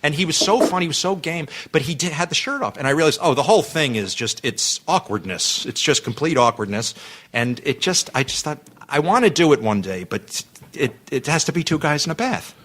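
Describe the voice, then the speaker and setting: A man's voice: fairly high pitch, sing-song, fairly quick, fairly bright tone. A man chatting as a podcast guest, telling a rambling anecdote full of restarts and self-interruptions.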